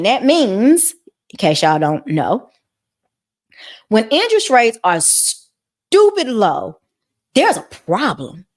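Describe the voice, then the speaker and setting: Woman host, casual money talk, bouncy pitch, folksy and animated. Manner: animated, folksy, mock-quoting others in high voices. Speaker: mortgage commentator, channel host. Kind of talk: casual talk to camera about the economy.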